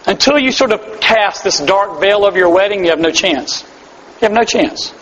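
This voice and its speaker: High-voiced preacher in an echoing hall. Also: male voice, lively intonation, moderate pace, fairly bright tone. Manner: earnest, emphatic, self-deprecating humor. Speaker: pastor. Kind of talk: sermon. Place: large hall before a live audience. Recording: dull hall-echo live recording.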